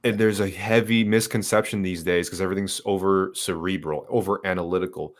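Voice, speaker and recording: A man with a low voice rambles through a casual podcast chat. He swears a lot and slips into sarcastic mocking voices to make his point. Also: fairly even intonation, a little fast. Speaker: podcast co-host.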